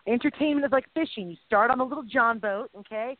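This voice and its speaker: Tinny-sounding emotional mom co-host. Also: female voice, fairly high pitch, fast talker, no echo. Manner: emotional, rambling, playful sound effects. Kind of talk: casual faith-based chat. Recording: tinny phone-like dry audio.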